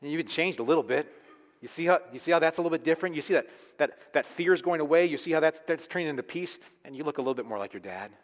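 A man preaching a sermon, earnest and emphatic, swinging between quiet, intimate lines and loud, pressing ones. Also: on the high side, expressive, fast. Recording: long reverb of a large hall.

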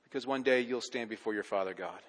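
A male pastor preaching a sermon with rising intensity and dramatic pauses. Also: fairly low pitch, fairly bright tone. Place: church sanctuary. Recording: long reverb of a church hall.

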